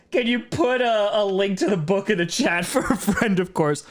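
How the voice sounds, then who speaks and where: A man's voice: high voice, a little slow. A man hosting a casual livestream Q&A, rambling, breaking off mid-sentence and laughing often, turning earnest when he gives his opinions. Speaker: streamer host.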